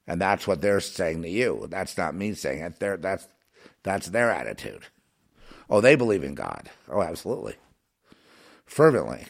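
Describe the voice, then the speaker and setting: A man giving a ranting monologue, preachy and emphatic, rambling with many restarts and fillers. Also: low-pitched.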